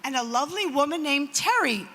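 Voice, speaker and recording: A woman's voice: high-pitched, expressive, brisk, a bit bright. A middle-aged woman giving a speech at an event, telling a story with acted quotes and asides. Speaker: nonprofit founder giving a speech. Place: event hall. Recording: reverberant hall, faint noise.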